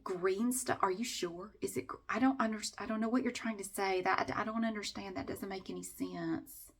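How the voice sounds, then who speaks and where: A Southern woman mimicking an evasive company representative who plays dumb, halting and trailing off. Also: lowish voice, level tone. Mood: feigned confusion.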